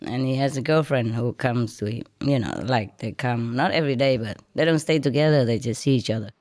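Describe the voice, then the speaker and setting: A woman telling a story casually in non-native, broken English, animated and often laughing. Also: rumbling low, fairly quick, dry recording, studio quality.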